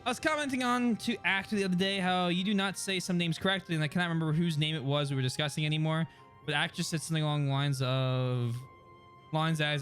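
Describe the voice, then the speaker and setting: A man's voice: fairly high pitch, quick pace, a bit bright, soft background music. A man giving casual, chatty commentary while streaming a game. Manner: chatty, laughing asides.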